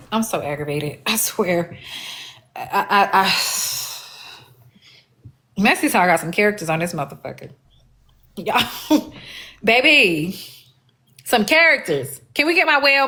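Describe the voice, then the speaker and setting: A woman's voice: medium pitch, pushed and bright. A woman hosting a live stream, talking casually in a blunt, profane and aggravated way. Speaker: livestream host.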